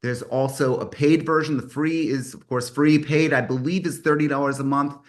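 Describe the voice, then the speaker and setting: A man's voice: on the high side, steady tone, normal speed. A man in his fifties hosting a mastermind group on a video call, rambling and correcting himself as he talks. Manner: rambling, self-correcting, enthusiastic. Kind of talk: casual online meeting talk.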